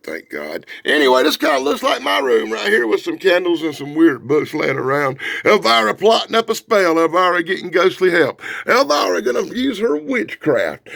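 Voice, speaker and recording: A man reviews a comic book out loud with a sarcastic, animated delivery. His high, gravelly voice swings widely between loud outbursts and low grumbles. The sound is dry and close, with a sharp, bright edge. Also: dry recording.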